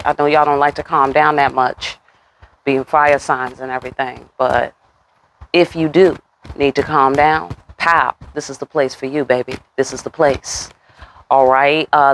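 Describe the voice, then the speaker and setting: A woman giving a casual tarot reading. She talks straight to the viewer with a lot of attitude and cursing, and jumps up in pitch on her rhetorical questions. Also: slight background noise. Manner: sassy, talks straight to viewers, curses freely. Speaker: tarot reader.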